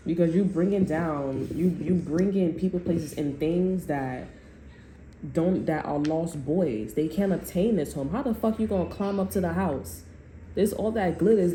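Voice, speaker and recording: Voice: mid-range voice, mellow. A tarot reader giving a casual reading to viewers, talking loosely with slang and swearing and often restarting sentences. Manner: loose, slangy and profane, rambling with many restarts. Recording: echoey room with faint noise.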